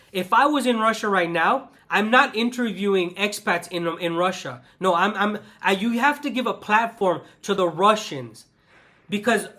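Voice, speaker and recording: A man with a notably high voice and a sharp, bright tone talks straight to his viewers. He rants passionately, doubling back on his words and repeating points for emphasis. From the West. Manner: passionate, repetitive, restarts often. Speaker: channel host. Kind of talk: ranting vlog monologue.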